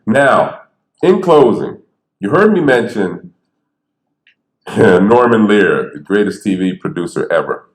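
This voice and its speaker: A man's voice: fairly low pitch, slow pace, pauses often. Storytelling man on an echoey stage. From Bridgeport, Connecticut. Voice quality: stutterer. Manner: animated, conversational, acts out quotes. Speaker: speaker telling stories on stage. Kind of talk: storytelling talk. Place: theater stage. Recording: echoey theater.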